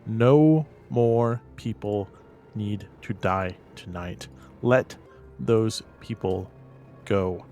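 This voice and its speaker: A man voicing a solemn investigator who speaks to a ghost in a forceful, declaiming way. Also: lowish voice, extremely slow, faint music behind. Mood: solemn, commanding. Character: solemn male investigator laying a ghost to rest.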